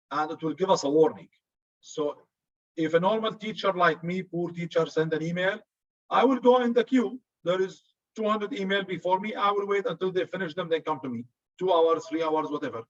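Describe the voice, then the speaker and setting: Arabic-accented guy lecturing, kinda high voice, jokey, dull lo-fi recording. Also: fairly bright tone. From Arab region. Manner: chatty, joking, says "good" often. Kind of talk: classroom lecture.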